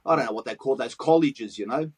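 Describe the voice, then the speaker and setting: A graffiti artist with a Western Sydney Australian accent tells stories as a guest in a casual interview, swearing freely in profane street slang and acting out quoted dialogue. His medium-pitched, slightly rough voice moves at a quick pace on a rough recording.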